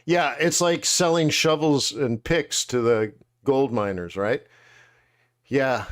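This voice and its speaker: A man hosting a live trading webinar, chatting casually in slangy, animated storytelling that acts out quotes. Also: mid-range voice, slow. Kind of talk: casual chat.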